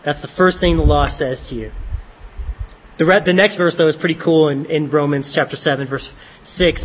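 A man's voice: on the high side, normal speed, highs cut off, slight background noise. A man preaching a sermon in a conversational style, with self-deprecating joking asides.

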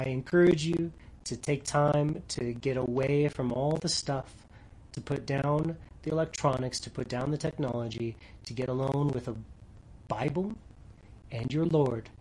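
A man preaching a sermon earnestly, dropping to soft near-whispers for tender lines and rising loud when reading scripture. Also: medium pitch, moderate pace, low-quality recording. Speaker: pastor.

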